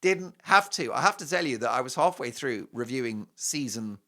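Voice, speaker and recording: A man's voice: mid-range voice, expressive, moderate pace, pushed and bright. A man hosting a TV show, giving an opinionated, mocking monologue with heavy sarcasm and emphatic swings. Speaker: TV show host.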